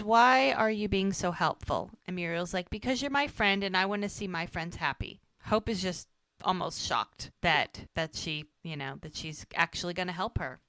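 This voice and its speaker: A woman co-hosting a podcast, casually retelling scenes and acting out the characters' lines in quick voices. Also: medium pitch, bright, forceful tone, no room sound. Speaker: podcast co-host recapping episodes.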